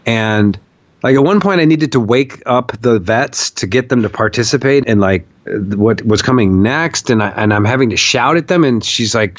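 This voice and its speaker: A man's voice: mid-range voice, dry recording. A man as a podcast guest, telling a story in an emphatic, profane way and repeating phrases for stress. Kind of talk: conversational storytelling. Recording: dull, muffled podcast audio.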